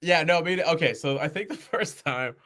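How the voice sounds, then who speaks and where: A young man, a podcast guest, telling stories in casual chat, animated and laughing often as he acts out quoted voices. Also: fairly high pitch, a little fast.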